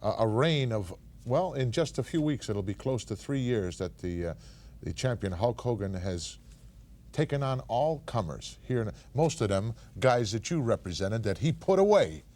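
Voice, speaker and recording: A man's voice: medium pitch, animated, moderate pace, a little mellow. A man hosting a wrestling show from the studio, delivering news in an upbeat announcer manner. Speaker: studio host.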